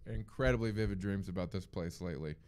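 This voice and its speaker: A man with a low, smooth and resonant voice, talking as a guest on a podcast. He tells rambling stories in a casual way, peppered with swearing. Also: fast talker, darkish tone. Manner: profane, rambling storyteller. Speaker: comedian guest. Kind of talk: casual chat.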